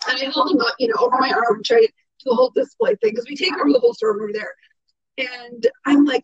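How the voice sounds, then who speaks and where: Woman, casual chat with a friend; brash, exclamatory, swears freely, very high voice, close dry mic. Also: sing-song, fast talker, creaky, no echo, muffled recording.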